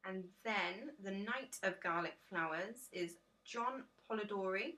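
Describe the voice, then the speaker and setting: A woman's voice: mid-range voice, measured pace, pushed and bright. A tired woman, chatting casually and rambling through a tarot deck reveal on her vlog, full of ums and self-deprecating asides. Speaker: tarot vlogger.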